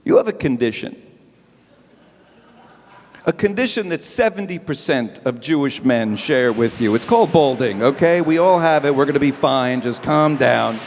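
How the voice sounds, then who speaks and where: Man, stand-up host on a live stage: quick wisecracks, very animated melody. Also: medium pitch, in a large hall, slight background noise. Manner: animated, wisecracking, punchy delivery. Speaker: stand-up comedian hosting an event. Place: event stage before a live audience.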